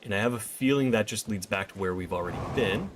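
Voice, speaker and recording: A fairly low-voiced man streaming a game, talking through what he finds as he goes. He chats easily with viewers and thanks them by name. Faint ambient noise sits behind him. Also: fast. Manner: thinks aloud and chats with viewers. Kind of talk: casual gameplay commentary.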